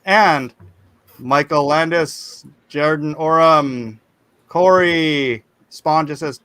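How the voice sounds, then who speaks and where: A man hosting a casual livestream, chatting and reading viewer comments aloud in animated bursts. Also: a little high, slow, smooth, no room sound. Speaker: livestream host.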